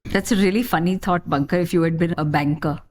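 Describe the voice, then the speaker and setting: A woman's voice: on the low side, a little fast. A woman hosting a podcast, asking her guest questions in a conversational, probing way. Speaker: podcast host. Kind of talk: interviewing.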